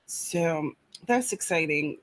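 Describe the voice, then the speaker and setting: A woman's voice: deep voice, animated, takes it slowly. A woman with a lilt chats loosely to her audience about her writing. Her talk rambles and winds through fillers and restarts. She speaks from a room in her apartment. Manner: chatty, rambling, many fillers. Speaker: writer hosting a live chat. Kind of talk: casual live-stream chat.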